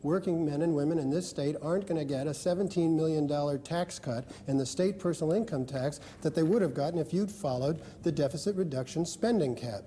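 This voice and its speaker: A man's voice: fairly high pitch, a little fast, few pauses, dark tone, big-room sound, a little hiss or hum. A man, a lieutenant governor, giving a firm, pointed rebuttal in a televised debate.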